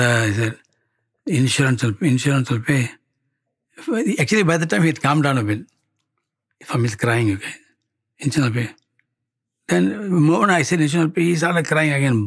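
Husky Malaysian man telling a story. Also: medium pitch. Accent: Malaysian English. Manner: halting, repeats words, acts out quoted dialogue. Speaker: speaker at a devotional gathering. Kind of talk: telling a personal story, casual.

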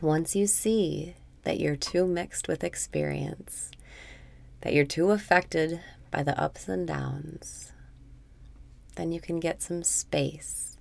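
Slow, very low-voiced woman guiding a meditation. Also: creaky. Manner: slow, soothing, with soft whispered phrases. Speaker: meditation guide. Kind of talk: guided meditation.

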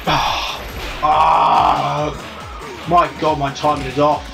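Foul-mouthed man gaming, gravelly. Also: medium pitch, unhurried. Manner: swears constantly, frustrated outbursts. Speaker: gamer. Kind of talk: let's play commentary. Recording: distant mic with loud game music.

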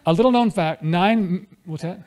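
A man's voice: sits high, moderate pace, darkish tone. A man preaching a conversational sermon at a church fellowship, often asking the congregation questions.

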